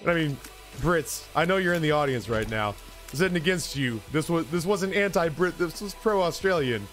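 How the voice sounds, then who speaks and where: A man's voice: fairly high pitch, animated, normal speed, fairly bright tone, soft background music. A man streaming, telling a drinking story in a rambling, profane, casual way that keeps interrupting itself.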